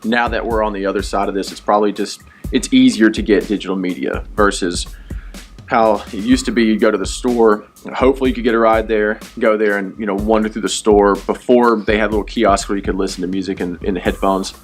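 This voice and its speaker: A middle-aged man being interviewed, reflecting on the past in a calm, conversational way. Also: fairly low pitch, brisk, faint music behind. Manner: reflective, reminiscing.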